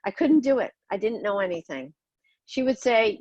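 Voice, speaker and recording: A woman's voice: mid-range voice, lively intonation, moderate pace, a little mellow, dry recording, muffled recording. A middle-aged woman narrating her own life story in a somber, confessional way, blunt and sometimes swearing. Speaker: podcast host telling her own story. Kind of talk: personal memoir narration.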